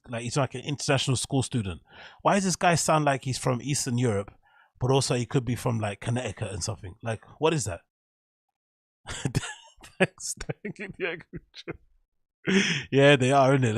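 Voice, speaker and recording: A man's voice: medium pitch, dry recording, studio quality. A man giving rambling, profane reaction commentary as host, laughing often.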